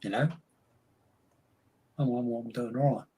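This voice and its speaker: A man's voice: mid-range voice, steady tone, measured pace, dark tone, breathy edge. A man doing a put-on Cockney accent as a chatty London shopkeeper, rambling in stock phrases. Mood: chummy. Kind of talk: podcast banter.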